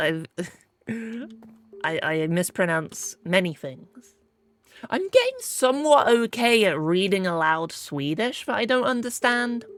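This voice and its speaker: A woman streaming a game, chatting playfully and poking fun at herself as she plays. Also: medium pitch. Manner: playful, chatty and self-mocking while playing. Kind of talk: casual gaming stream chat.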